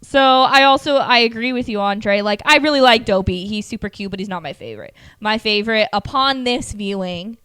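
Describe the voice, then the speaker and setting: A woman co-hosting a podcast in casual chat, talkative and giggly, often trailing off softly. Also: medium pitch, brisk, hardly any pauses, clean tone, dry recording. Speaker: podcast co-host.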